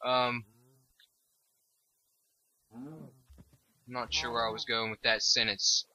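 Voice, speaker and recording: A young man giving rambling, crude, joking commentary over gameplay, now and then jumping to high excited squeals. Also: slow, low-quality recording. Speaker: gaming video host.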